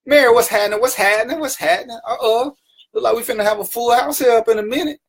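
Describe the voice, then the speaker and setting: A man hosts his own live stream, talking fast in an extremely high-pitched voice. As a livestream talk show host, he greets viewers by name and teases them with casual, playful banter.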